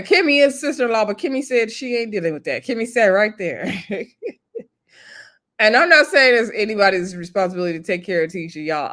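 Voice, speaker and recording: A woman's voice: on the high side, fairly bright tone. A woman casually recapping a reality TV episode, chatty and laughing often, acting out cast members' lines. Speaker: TV show reviewer.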